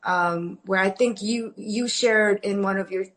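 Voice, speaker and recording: A woman at a recovery meeting asks a question over an online call. Her voice sits at a middle pitch. She speaks earnestly and circles around her point with many restarts. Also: a little slow, a bit bright. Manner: earnest, rambling, many restarts and "you know"s. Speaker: meeting member asking a question.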